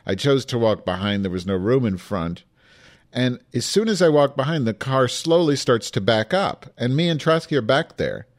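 A man co-hosting a casual chat, telling a story with big animated delivery. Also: mid-range voice, normal speed. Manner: animated, breaks into loud shouting when acting out quotes.

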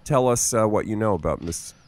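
A man hosts a campy chat show with mock-grand flourishes and teasing asides. His voice swoops up and down lively. The recording is dry and close. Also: fairly low pitch, a little fast, dry recording. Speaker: host.

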